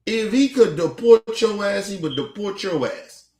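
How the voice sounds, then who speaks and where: A man's voice: high-pitched, lively intonation, unhurried, darkish tone. A man giving casual, profanity-laced reaction commentary as a streamer, sounding exasperated. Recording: echoey room.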